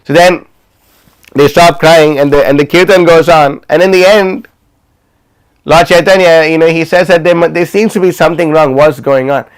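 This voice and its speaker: Storytelling man with a smooth voice. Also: fairly high pitch, fairly even intonation, normal speed. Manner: retells stories with many fillers and restarts. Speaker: class speaker. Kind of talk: storytelling class talk. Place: livestreamed class.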